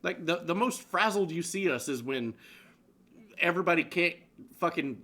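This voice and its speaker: Guy cohosting a stream show, super bright voice, swears a lot, bouncy pitch. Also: moderate pace. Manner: animated, swearing, laughs often. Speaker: show co-host. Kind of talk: casual profane news commentary.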